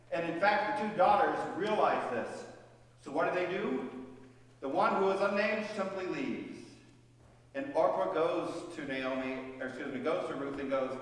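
Man, pastor, storytelling sermon, high-pitched, long church-hall reverb. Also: fairly bright tone. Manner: storytelling, questions to the congregation. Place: church sanctuary. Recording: echoey church hall, voice from far off.

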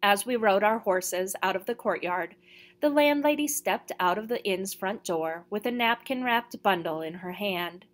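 A woman reads a first-person novel aloud as an audiobook narrator. Her pitch is average for a woman, and her delivery is steady and measured. She tells the story in an even storytelling voice. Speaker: audiobook reader.

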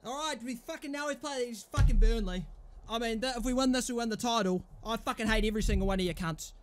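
A young man commentating his own football management game, raging and swearing loudly at his players. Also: extremely high pitch, fast, clean tone. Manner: furious, swearing, shouting at players. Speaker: gaming YouTuber. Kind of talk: live gameplay commentary.

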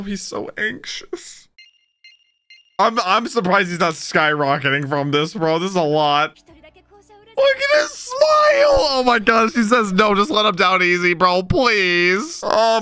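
A young man with a high, smooth voice reacts to an anime episode at a measured pace, offering casual, emotional commentary. He's excitable and keeps calling out "bro."

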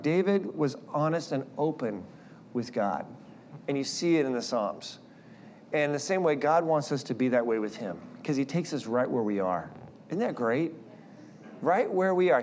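A man preaching a sermon in a middle pitch, telling personal stories with lively energy. He acts out the voices of the people he quotes, and a faint hiss runs under his words. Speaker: guest speaker.

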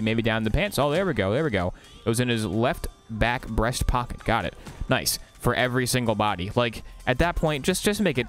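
Male streamer, mid-range voice, casual jokey rants, light music behind. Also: medium pitch. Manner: animated, ranting, jokey. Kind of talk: casual gameplay commentary.

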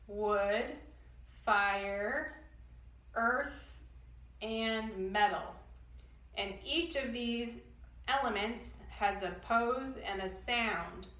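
A woman guiding a children's yoga class, giving gentle step-by-step instructions and demonstrating breath sounds. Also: fairly high pitch, reverberant, distant mic, poor audio. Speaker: kids yoga teacher.

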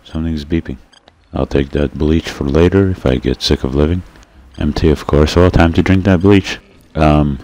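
A man giving casual let's-play commentary as he plays, joking sarcastically at his own expense and bursting into excited shouts at the game. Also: very deep voice, normal speed. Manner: sarcastic, self-mocking joking. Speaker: gameplay commentator.

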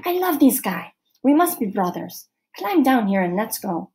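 A woman's voice: a little high, big pitch swings, normal speed, a little mellow, a little hiss or hum, voice pushed up, poor audio. A woman reading a storybook aloud, voicing a confident twelve-year-old boy who talks like a wise old man. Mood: delighted.

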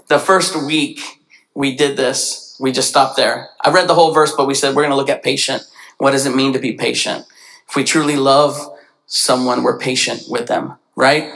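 A man preaching a sermon in a church, animated, often jumping into quoted voices. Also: vocal fry, poor audio. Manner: animated, acts out quoted voices with big pitch jumps. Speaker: pastor. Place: church sanctuary.

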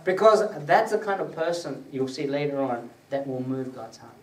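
In a prayer gathering room, a man preaches a conversational teaching sermon to a small group, quizzing his listeners and raising his voice when quoting scripture. His mid-range voice is animated and darkish in tone at a normal speed. The recording is echoey, with a distant mic and faint hiss.

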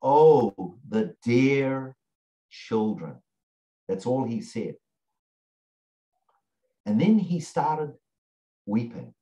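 Slow, earnest male storyteller. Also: medium pitch, animated, mellow, rough recording. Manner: slow, earnest storytelling with long pauses and repeated phrases. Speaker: teacher. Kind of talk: storytelling lesson.

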